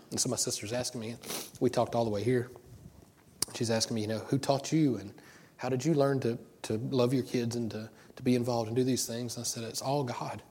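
A middle-aged man preaches an informal sermon at a mid-range pitch. He tells personal stories in a loose, rambling way, often restarting his sentences. Faint ambient noise sits behind him. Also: a little mellow. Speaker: pastor.

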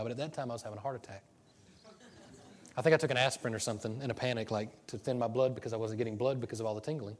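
Man, pastor, sermon storytelling, animated, self-deprecating. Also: medium pitch.

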